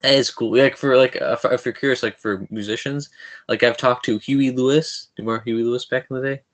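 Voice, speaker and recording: A man's voice: mid-range voice, fairly even intonation, quick pace. A young adult man hosting a podcast interview, eager and fanboyish, often restarting his sentences. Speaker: podcast host. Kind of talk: casual interview chat.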